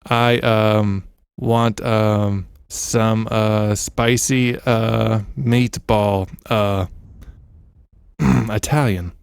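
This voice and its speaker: A man co-hosting a casual podcast, rambling and joking with plenty of "uh" and "like". His voice is smooth and resonant, and the recording is close and completely dry. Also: fairly low pitch, steady tone, extremely slow, dry recording. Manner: joking, rambling, heavy on fillers. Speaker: podcast co-host. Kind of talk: casual chat. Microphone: studio mic with headphones.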